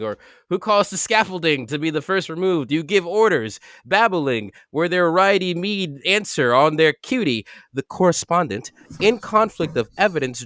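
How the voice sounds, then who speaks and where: A man hosting a podcast, cold-reading a dense novel aloud, halting and restarting over hard words with chuckles. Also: on the high side, fairly bright tone, no echo, clean studio sound.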